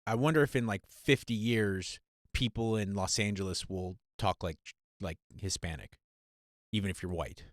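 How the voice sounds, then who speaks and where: Man, low voice, musing co-host, lots of "like", dry close sound. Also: normal speed, no echo. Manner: musing, thinking aloud with many "like"s. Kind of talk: casual chat.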